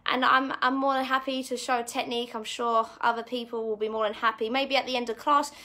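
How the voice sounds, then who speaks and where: Woman, fitness coach, high voice, chatty and encouraging, slightly out of breath, echoey room. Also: flat delivery, brisk, sharp tone, recorded from a distance. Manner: chatty, encouraging, demonstrating while talking. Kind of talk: live online workout technique class.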